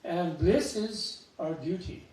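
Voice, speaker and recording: A man giving a Buddhist talk, an animated storyteller with chuckling asides, recorded in a temple hall. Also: sits high, slow pace. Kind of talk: dharma talk with anecdotes. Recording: echoey hall, mic at a distance.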